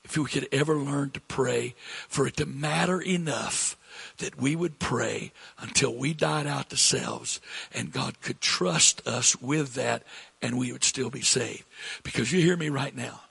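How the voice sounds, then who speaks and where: A middle-aged man preaching a sermon as pastor, slow and repetitive, rising in pitch when he presses a point. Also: creaky, fairly bright tone, breathy edge. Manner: slow, repetitive preaching, rising with emphasis, coughs between lines.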